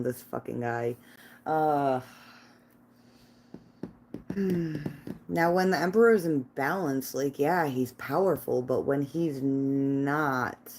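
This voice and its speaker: Low, mellow-voiced woman reading tarot. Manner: chatty, laughing, talks to her cat and chat. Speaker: tarot reader livestreaming. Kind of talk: casual livestream chat. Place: living room at home. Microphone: phone.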